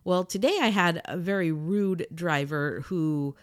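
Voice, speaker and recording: A woman retelling a personal story in a casual, animated and indignant way, acting out the other people's lines. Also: on the low side, measured pace, no room sound. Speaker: podcaster telling a personal story.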